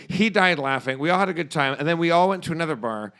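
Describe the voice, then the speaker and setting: A man's voice: a little high, expressive, quick pace, a bit bright, smooth. Stammering, profane man telling stories. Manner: rambling, profane, stammering restarts. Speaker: podcast co-host. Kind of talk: casual comedic storytelling.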